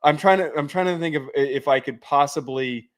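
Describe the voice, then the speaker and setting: A man co-hosting a podcast, telling animated stories in casual chat and swearing freely. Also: on the high side, brisk. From United States. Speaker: podcast co-host.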